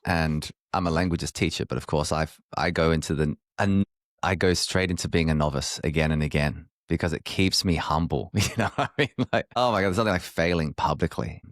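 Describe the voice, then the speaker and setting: Deep-voiced enthusiastic male podcast host. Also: fairly quick, no echo, clean studio sound. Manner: enthusiastic, animated. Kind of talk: casual interview chat.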